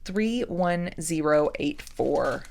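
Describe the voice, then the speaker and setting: A woman hosting a jewelry-making unboxing vlog, gushing with excitement and often dropping to a soft whisper. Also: sits low, takes it slowly, gravelly. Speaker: jewelry-making channel host.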